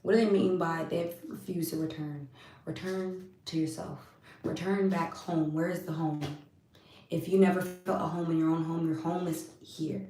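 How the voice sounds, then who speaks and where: A woman's voice: on the low side, fairly even intonation, mellow, a little hiss or hum. Heartfelt woman reading scripture from afar. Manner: slow, heartfelt, repeating phrases. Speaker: spiritual live-streamer. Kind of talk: live-streamed scripture reading and spiritual talk. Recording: roomy echo, distant from mic.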